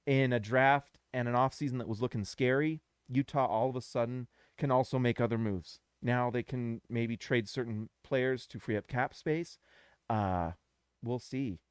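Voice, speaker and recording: A man's voice: medium pitch, normal speed, smooth, no room sound, clean studio sound. A man hosting a casual live reaction stream, talking to his viewers in an effusive way and repeating himself often.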